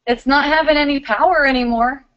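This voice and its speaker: A middle-aged woman hosting a live spiritual question-and-answer stream, talking in a warm, giggly, loving way. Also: high voice, fairly even intonation, brisk, dull audio.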